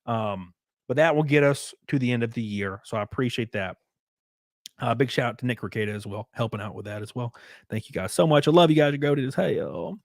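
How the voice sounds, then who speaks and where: Man streaming, crude and joking, rambling, lively pitch swings, dry close mic. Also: a little fast, dry recording. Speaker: livestream host. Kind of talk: casual livestream chat.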